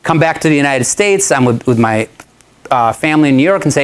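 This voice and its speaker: A man giving a talk to an audience, telling a story in a chatty, animated way and laughing often. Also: fairly high pitch, fairly quick, smooth. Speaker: guest speaker.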